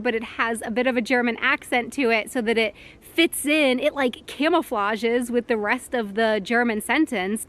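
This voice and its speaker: A young woman talks to a handheld camera out in public, chatty and quick to laugh. Her voice sits fairly high and bright, a touch self-conscious. Casual vlog talk. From United States. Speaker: vlogger. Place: outdoors in public.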